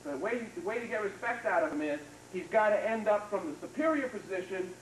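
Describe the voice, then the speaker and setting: Speaking quickly in a high, expressive voice, a karate instructor demonstrates techniques at a training hall seminar and coaches students with brief praise in a casual tone. The footage is a noisy 1990s video, recorded from a distance in an echoey room.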